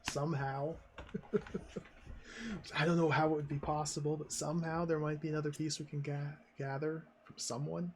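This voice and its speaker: A man's voice: fairly high pitch, steady tone, normal speed, slight background noise. A man streaming a game, musing aloud and trailing off as he plans his next steps. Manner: muses aloud, trailing off, talking to himself. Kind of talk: casual let's-play commentary.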